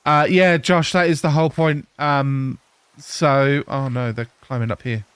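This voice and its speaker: A man's voice: medium pitch, fairly even intonation, measured pace, clean tone, no echo. Chatty English-Australian man streaming games. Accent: English mixed with Australian. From England. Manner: chatty, answers viewers, laughs often. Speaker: live streamer. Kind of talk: casual live-stream chat while gaming.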